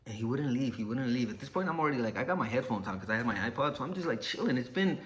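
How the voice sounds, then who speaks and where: A man's voice: medium pitch, animated, racing, fairly bright tone, slight background noise. Laid-back man telling a story, cursing freely. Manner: profane, laid-back, acts out quotes. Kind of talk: casual personal storytelling.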